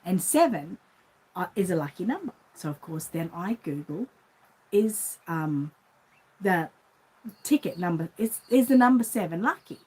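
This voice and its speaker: This middle-aged Australian doll shop owner, who sells reborn dolls, speaks unhurriedly with a fairly low, darkish, husky voice and big pitch swings. Chatty and rambling, she tells an everyday story in a casual vlog, acting out each voice. The audio is poor.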